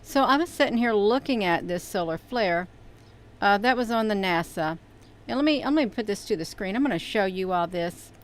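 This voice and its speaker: A woman's voice: mid-range voice, expressive, normal speed. A woman hosting a casual livestream, talking in a rambling, chatty way with many fillers and calling her viewers "you all". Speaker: livestream host. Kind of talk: casual live-stream talk.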